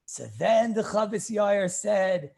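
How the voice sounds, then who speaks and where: Husky-voiced rabbi telling lively stories. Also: male voice, high-pitched, slow pace. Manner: animated storyteller, repeats phrases, clears throat often. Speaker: rabbi teaching Jewish law. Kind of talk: informal Torah lecture with anecdotes.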